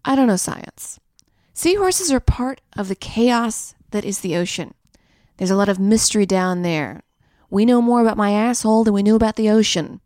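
A woman's voice: mid-range voice, lively intonation, moderate pace, darkish tone, no echo, studio quality. A young woman hosting a podcast, riffing through a crude, rambling comedic monologue. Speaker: podcast host.

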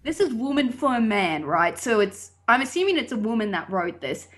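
A woman's voice: a little high, big pitch swings, moderate pace. A woman on a casual podcast who reads a personal ad aloud, stumbling over the text and laughing at her own slips.

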